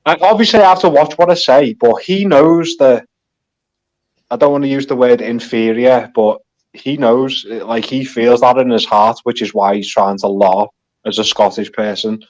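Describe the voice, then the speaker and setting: A man's voice: medium pitch, normal speed, a little mellow, lo-fi sound. A man co-hosts a casual podcast in a mid-range voice. He speaks bluntly, often dropping in short, terse remarks. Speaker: podcast co-host. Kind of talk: casual political chat.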